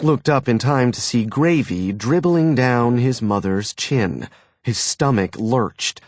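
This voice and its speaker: A man narrating an audiobook in an expressive storytelling manner. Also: mid-range voice, slow pace, dry recording.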